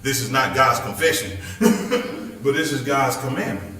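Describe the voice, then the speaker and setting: Here a pastor with a medium-pitched voice takes his time, leading a Bible study in a church hall. He keeps it conversational and lively, joking and teasing the people listening. Recorded from a distance, his voice is off-mic and the hall is very echoey.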